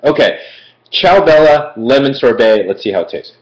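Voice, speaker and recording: A Philadelphia man with a medium-pitched, expressive voice talks at a moderate pace during a casual food review live stream. He's chatty and rambling, full of fillers and digressions. The stream audio is dull and lo-fi, in an echoey room.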